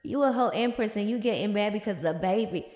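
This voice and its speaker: A woman hosting a casual comic recap, talking in an animated, sassy, playful way. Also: mid-range voice, fast, dull audio. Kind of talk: casual comic review commentary. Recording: echoey room, long reverb, faint music.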